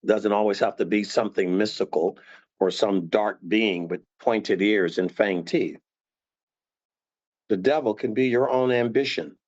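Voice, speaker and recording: A man teaching scripture conversationally, animated and acting out tones of voice to make his points. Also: on the low side, a little slow, dull audio. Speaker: Bible teacher.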